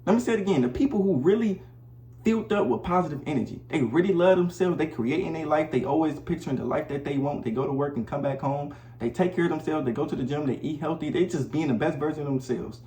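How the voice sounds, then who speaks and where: A man's voice: a little high, quick pace, dark tone. Blunt slangy man in an echoey room. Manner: blunt, preachy, slangy, repeats himself. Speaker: vlogger. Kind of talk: casual advice monologue to camera. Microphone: camera mic.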